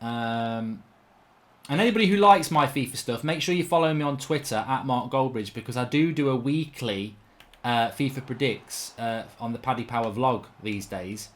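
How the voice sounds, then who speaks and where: A man commentating on his own football video game in a chatty, rambling way, erupting into loud shouts when a goal goes in. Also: medium pitch, normal speed. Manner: excitable, bursts into loud shouting over goals. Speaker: gaming commentator.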